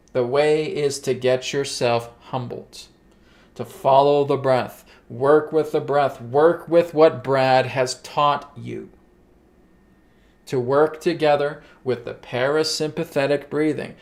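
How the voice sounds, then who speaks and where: A man voicing a calm, commanding male spirit guide in a slow, emphatic, preaching cadence. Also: medium pitch. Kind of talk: channeled spiritual teaching.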